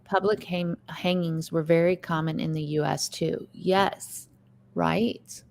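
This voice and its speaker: A woman co-hosting a casual livestream chat, talking in an animated way, reading viewer comments aloud and saying "like" often. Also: on the low side, slow, creaky. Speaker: livestream co-host.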